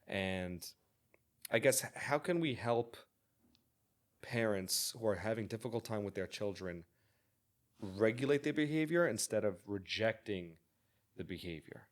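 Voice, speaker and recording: A man's voice: fairly low pitch, expressive, unhurried, long pauses. A man hosting a podcast, talking earnestly in a casual interview, often restarting and repeating words. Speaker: podcast host.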